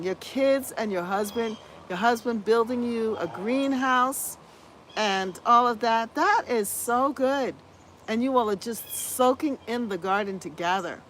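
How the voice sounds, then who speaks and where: A woman's voice: a little high, a bit bright. A woman with a scratchy voice hosting a casual gardening livestream, chatting to viewers and reading their comments, effusive and upbeat with lots of repeated phrases and exclamations of hallelujah. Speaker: gardening channel host.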